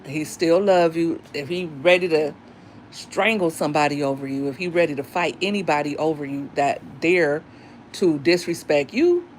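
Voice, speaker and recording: A woman's voice: sits low, expressive, moderate pace, slight background noise. A middle-aged woman and single mother talking candidly and emphatically about dating and raising daughters, in a casual monologue.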